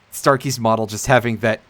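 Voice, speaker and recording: A man streaming a role-playing game, half reading the on-screen text under his breath and cracking jokes with the occasional swear. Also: a bit bright. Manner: reads game text aloud in a low mutter, jokes and swears. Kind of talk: casual let's-play commentary.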